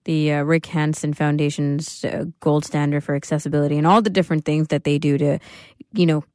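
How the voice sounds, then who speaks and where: Woman host, lower voice, dry sound. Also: steady tone, a little fast, darkish tone, no room sound. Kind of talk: casual chat.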